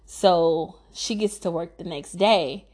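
A woman's voice: fairly low pitch, takes it slowly, darkish tone, breathy edge. A woman giving a casual movie recap, sassy and exasperated, talking back to the filmmaker.

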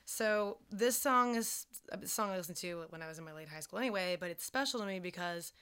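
A woman's voice: lowish voice, a little fast, pushed and bright, smooth. A young woman from Georgia co-hosting a podcast in casual, rambling chat full of fillers. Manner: rambling, filler-heavy, laughs easily. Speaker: podcast co-host.

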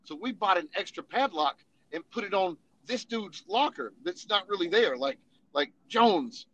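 A man's voice: high-pitched, animated, normal speed, fairly bright tone, muffled recording. A man telling funny army stories in casual, profane storytelling, laughing and acting out voices as he goes. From Tennessee.

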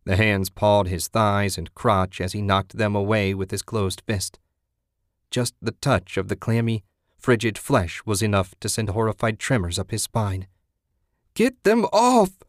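Low-voiced man narrating horror. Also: little pitch movement, unhurried, no echo, studio quality.

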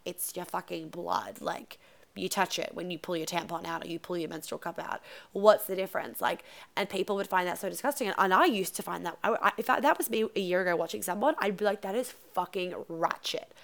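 A young adult woman hosting her podcast alone, chatting candidly, swearing freely and going off on quick asides. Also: on the low side, vocal fry, fairly bright tone. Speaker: podcast host and coach. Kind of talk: casual solo podcast chat.

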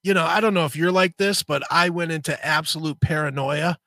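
A man with a bright, forceful voice rambles through a story in casual chat, cursing constantly and winding himself up as he goes. His voice sits a little high for a man. The mic sound is close and dry. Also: a little fast, no room sound. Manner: profane, animated storyteller. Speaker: co-host.

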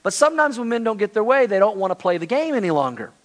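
Brief: man pastor, animated conversational sermon, high voice. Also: fast.

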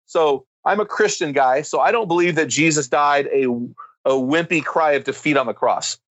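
A man with a fairly high voice speaks like a preacher, driving his points home with emphatic, rising intensity. The sound is dry and close, with no room around it. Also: normal speed, fairly bright tone, dry recording, highs cut off. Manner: emphatic, builds to fervent climaxes. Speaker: guest speaker on men's ministry. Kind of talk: impassioned preaching-style storytelling.

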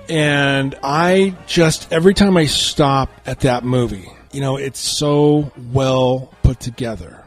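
A man's voice: fairly high pitch, dry recording. A man hosting a radio movie talk show, chatty and enthusiastic, laughing easily as he talks films. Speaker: radio show host and film reviewer.

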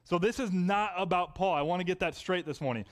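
A man's voice: high-pitched, a little fast. A young adult man preaching a sermon, conversational and telling personal stories. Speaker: pastor.

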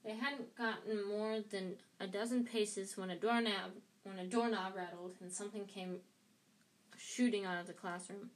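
A woman reads a novel aloud at a middle pitch, often stumbling and going back over words. She sits a little way off the mic, so her voice sounds slightly distant. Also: fairly even intonation, normal speed. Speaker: reader.

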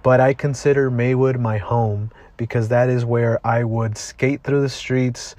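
A man's voice: medium pitch, steady tone, measured pace, a little mellow, no echo. A podcast host in his twenties from Southeast Los Angeles talks straight to the listener in a casual, motivational monologue. His speech is blunt and heartfelt, full of swearing, and recorded dry with no room sound. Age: 20s.

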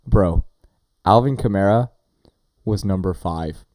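A man co-hosting a fantasy football podcast in casual, animated chat with friendly slang. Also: low-pitched, slow pace, no echo, clean studio sound.

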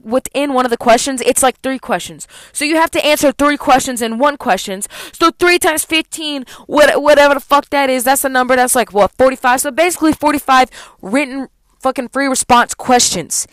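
A woman's voice: high voice, no echo. A young adult woman, a college student, venting in a heavily profane, heated vlog rant.

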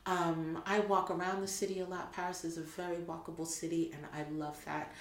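A woman's voice: on the low side, flat delivery, a little fast, echoey room. An American woman with an American accent, a podcast guest chatting casually, with many ums and frequent laughter. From United States. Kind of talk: casual conversation.

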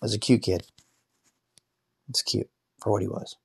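A man lying in bed telling a painful personal story, halting and restarting, swearing and rising into angry outbursts. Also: on the low side, steady tone, gravelly, slightly rough, no room sound, studio quality.

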